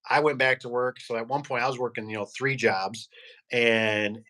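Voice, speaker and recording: A man's voice: medium pitch, steady tone, normal speed, sharp tone. A man, a garage door business owner, chatting casually and rambling through stories while acting out the people he quotes. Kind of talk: casual podcast chat.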